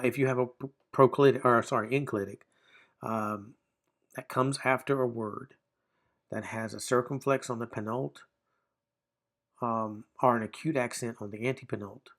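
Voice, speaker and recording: A man's voice: medium pitch, a bit bright. A man teaching a grammar lesson, explaining step by step with frequent fillers and restarts. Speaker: Bible language teacher. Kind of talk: classroom grammar lecture.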